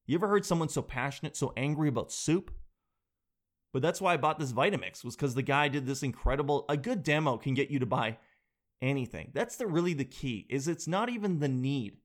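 A man telling a comic story as a comedian, animated and exaggerated, mocking himself. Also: medium pitch, fairly quick.

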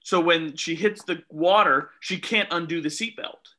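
Male podcast co-host, bright and animated, casual film chat. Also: on the high side, a little slow. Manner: animated, incredulous questioning. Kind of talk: casual movie review chat.

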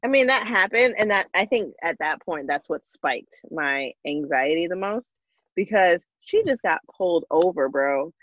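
An animated woman chatting casually, full of stories and quick to mimic the people in them. The sound is a little dull and muffled, with a dry, close feel and no room echo. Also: lowish voice. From Connecticut. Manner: animated storyteller, acts out quoted voices. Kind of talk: casual chat.

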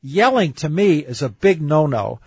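A husky-voiced man with a slightly raised pitch, hosting a dating advice talk show. He reads passages aloud and then argues against them firmly. His voice is close and dry on a dull, lo-fi recording. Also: very animated, a little slow, darkish tone, no room sound. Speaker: dating advice radio host. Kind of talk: radio talk show commentary.

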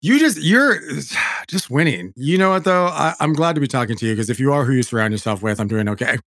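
A man hosting a podcast, talking in an animated, chatty way that keeps breaking off and restarting. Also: mid-range voice, a little fast, no echo, clean studio sound. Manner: animated, self-interrupting, chatty. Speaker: podcast host. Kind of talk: casual chat.

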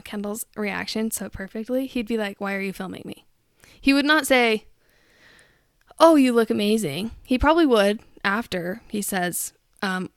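Young woman, higher voice, chatty rant to camera, dry close sound. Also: clear, resonant tone, no echo. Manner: chatty and ranting, many filler likes, acts out quotes. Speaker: vlogger. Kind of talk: casual chat to camera.

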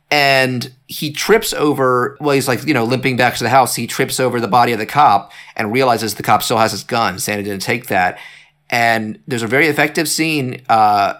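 A man casually discussing a horror movie, animated and full of fillers and restarts. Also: mid-range voice. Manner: animated, lots of fillers and restarts, acts out quotes. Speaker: podcast co-host.

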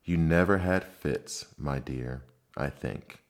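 A man's voice: a bass voice, takes it slowly, heavily acted. A man voicing a fussy, pompous old king who reasons aloud with self-satisfied mutterings.

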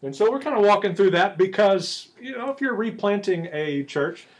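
A man's voice: high voice, expressive, normal speed. A man co-hosting a church podcast, teasing his partner and rambling with plenty of fillers. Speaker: podcast co-host and church replanting author. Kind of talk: casual podcast chat.

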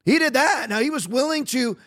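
A man's voice: very high-pitched, animated, brisk, fairly bright tone. A middle-aged man hosting a podcast, delivering emphatic, repetitive, sarcastic political commentary. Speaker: podcast host.

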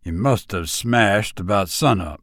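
A man reading a story aloud, voicing an excitable, superstitious old country man with a folksy drawl. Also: lowish voice, measured pace, no echo, studio quality, voice pushed down. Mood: excited. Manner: folksy country dialect, quavering.

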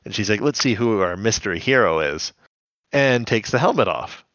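A man's voice: fairly low pitch, expressive, fairly bright tone, dry recording, lo-fi sound. A man co-hosting a podcast, casually recapping scenes in a chatty way. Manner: chatty, recounts scenes with quick quoted voices. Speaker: podcast co-host.

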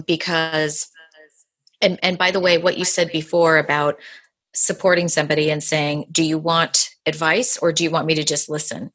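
Podcast host, woman, deep register, casual rambling storyteller. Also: fairly bright tone. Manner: chatty, storytelling, frequent fillers and restarts. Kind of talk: casual conversation.

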